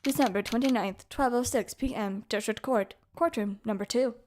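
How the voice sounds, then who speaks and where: A woman voicing an older male judge with a formal, slightly lowered reading. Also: moderate pace, lightly acted. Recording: loud game music behind.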